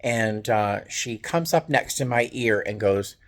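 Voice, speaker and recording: Wry, animated man in a video diary. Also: lowish voice, measured pace. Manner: animated storyteller, wry and self-mocking. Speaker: flight attendant vlogger.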